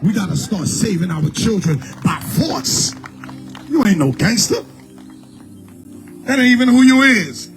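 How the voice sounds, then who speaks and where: A man preaching a fiery street sermon, swinging from low murmurs to shouted pleas. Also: big pitch swings, unhurried, long pauses. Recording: music bed behind the voice.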